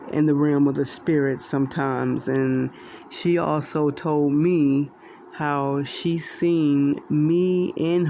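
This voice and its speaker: A woman's voice: deep voice, gravelly, dark tone, a little hiss or hum. A woman casually sharing a spiritual dream with her viewers, rambling, repeating herself and laughing often. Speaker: Christian video creator sharing dreams.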